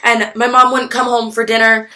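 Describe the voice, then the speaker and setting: A young woman talks straight to her camera in a bright, clear voice. She tells her story candidly, with halting restarts and plenty of swearing. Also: fairly high pitch, little pitch movement. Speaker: vlogger.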